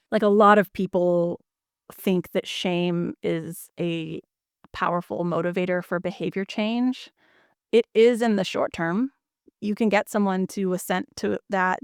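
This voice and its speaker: A woman's voice: mid-range voice, dry recording, studio quality. A woman, a counselor and author, explaining ideas on a podcast with everyday examples. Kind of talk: podcast conversation.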